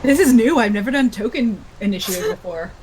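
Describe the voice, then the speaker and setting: A woman's voice: fairly high pitch, expressive, fairly quick, noisy background. A woman playing a tabletop game, chatting casually in a playful way. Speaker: player.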